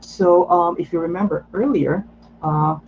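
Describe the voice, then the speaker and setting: Guy teaching lettering on a video call, kinda high voice, slightly muffled audio, lots of "so, um". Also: a little slow, a little mellow, slight background noise. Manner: patient, explanatory, frequent "so" and "um" fillers. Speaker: lettering workshop instructor. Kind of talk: online workshop teaching.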